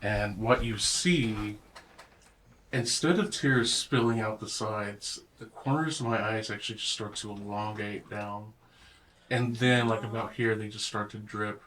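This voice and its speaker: A man playing a tabletop role-playing game, giving animated, vivid descriptions of his character. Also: on the low side, measured pace, a little hiss or hum. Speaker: player.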